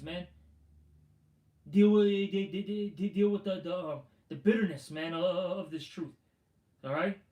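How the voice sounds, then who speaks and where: A man gives a loose, profane sermon, stumbling over restarts and leaning on "man" and "all right" between scripture readings. His voice sits high for a man. The room around him rings with echo. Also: a little mellow. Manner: stammering restarts. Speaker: street preacher.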